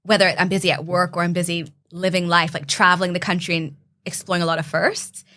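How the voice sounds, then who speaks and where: A woman's voice: fairly low pitch, steady tone, fast, bright, forceful tone. A young woman from Canada, a podcast guest telling her story in an earnest, heartfelt way. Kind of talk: casual interview chat.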